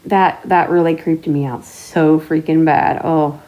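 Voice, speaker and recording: A woman vlogger chatting casually to her viewers, telling stories in a chatty way with mild swearing and drawn-out exclamations. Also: low-pitched, steady tone, highs cut off. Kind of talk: casual chat to camera.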